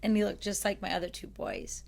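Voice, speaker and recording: Gravelly-voiced woman sharing a testimony. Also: medium pitch, sing-song, fairly quick. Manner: earnest, rambling with fillers and restarts. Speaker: podcast guest. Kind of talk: personal faith testimony in conversation.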